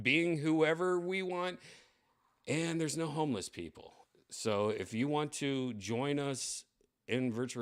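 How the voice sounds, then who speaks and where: A man hosting a live stream, talking casually in a rambling, excitable way with lots of fillers. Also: mid-range voice. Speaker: streamer host.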